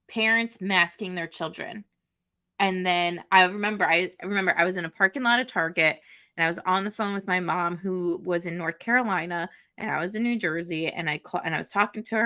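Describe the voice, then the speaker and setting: Bright-voiced woman sharing candidly. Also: medium pitch. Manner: candid, emotional personal sharing. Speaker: podcast co-host. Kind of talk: casual chat.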